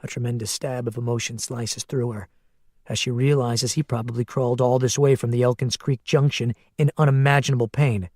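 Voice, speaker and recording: Male audiobook narrator, mid pitch, measured and steady, dry studio read. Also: no room sound. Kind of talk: scripted narration.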